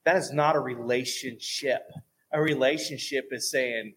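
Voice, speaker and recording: A man telling lively stories about faith in a casual talk, going soft and low at times for emphasis. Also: a little slow, a little hiss or hum. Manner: animated storyteller, drops to a soft voice for emphasis.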